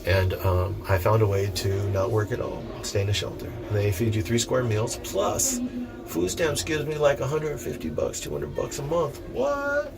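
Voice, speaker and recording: Profane rambling man, low voice. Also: lively intonation, normal speed, over music. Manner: profane, digressive, jokey. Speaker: vlogger reading and commenting on a book. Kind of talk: rambling casual commentary. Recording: noisy background ambience.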